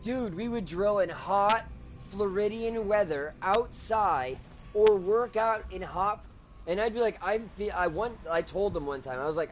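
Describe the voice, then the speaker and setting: Man, fairly high voice, casual profane storytelling, faint hiss. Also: unhurried. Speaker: co-host of a gaming channel. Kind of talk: casual chat while gaming.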